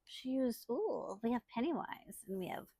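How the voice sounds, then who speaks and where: A woman talks through a casual unboxing vlog in a fairly high voice. She is chatty and excitable and laughs readily between remarks. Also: normal speed, vocal fry, breathy edge. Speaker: channel host.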